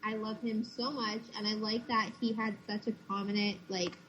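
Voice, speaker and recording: A woman's voice: medium pitch, level tone, normal speed, fairly bright tone. A young woman hosting a fan podcast in casual chat, easygoing, reading out questions and answering them. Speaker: podcast host. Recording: dull lo-fi audio with faint noise.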